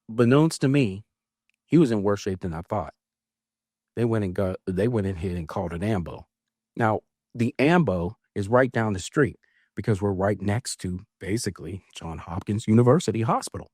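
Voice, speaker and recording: Man, low voice, animated storyteller, dry close recording. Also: normal speed, dry recording. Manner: animated retelling, acts out quoted voices. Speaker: podcast co-host, former officer. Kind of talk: storytelling in casual conversation.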